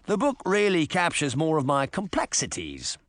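A man's voice: fairly high pitch, wildly swooping pitch, normal speed, fairly bright tone, dry recording, studio quality. A man playing a pompous old pirate boss. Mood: smug. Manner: pompous, self-satisfied.

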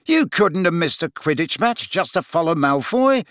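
A man's voice: on the high side, very animated, moderate pace, a bit bright, dry recording, clean studio sound, pitched above the performer's own voice. A man reading an audiobook, voicing an easygoing teenage boy with a casual, reasonable, teasing manner. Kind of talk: audiobook character voice.

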